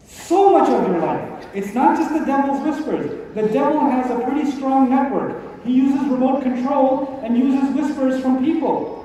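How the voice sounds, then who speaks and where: A man's voice: very high voice, measured pace, dark tone, far from the mic. A man giving a live religious talk to an audience, speaking emphatically with rhetorical questions and repetition. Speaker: Islamic speaker. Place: large event hall. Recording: echoey hall recording from afar, dull.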